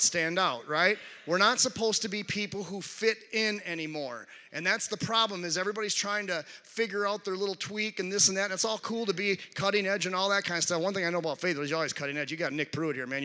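In a large church hall, a male pastor preaches a conversational sermon, often restarting and calling out to the congregation. His voice is high with a sharp tone, and the recording carries a big-room sound.

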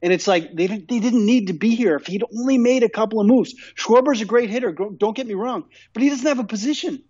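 Sports podcast co-host, male, high voice, emphatic and repetitive, lo-fi dry sound. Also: fast, darkish tone, slightly rough, dry recording. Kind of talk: casual sports chat.

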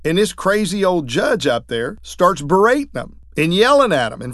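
A man, a trial lawyer, telling courtroom stories in a lively way, acting out what others said. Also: high voice, moderate pace, dry recording, clean studio sound. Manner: lively, acts out quoted voices. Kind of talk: anecdotal storytelling talk.

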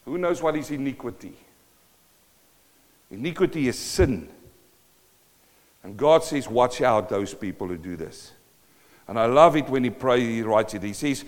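A man preaching a sermon, emphatic, swinging between loud and quiet, reading scripture slowly and deliberately. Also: medium pitch, big pitch swings. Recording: long hall reverb.

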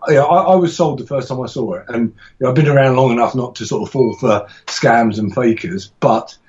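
A man's voice: medium pitch, brisk, darkish tone, dull audio. A middle-aged man, a martial arts instructor and author, telling stories in a podcast interview with enthusiasm and frequent restarts.

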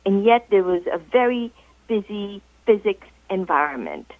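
A woman guest author telling a story in a radio interview, explaining in a measured, deliberate way over the phone. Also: mid-range voice, expressive, no room sound. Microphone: telephone. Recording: tinny phone line, dry.

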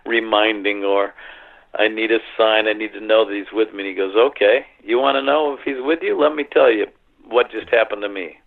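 Gravelly man telling his story over a phone line. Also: deep voice. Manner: earnest, halting with fillers and restarts. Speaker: interview guest. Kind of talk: emotional personal storytelling.

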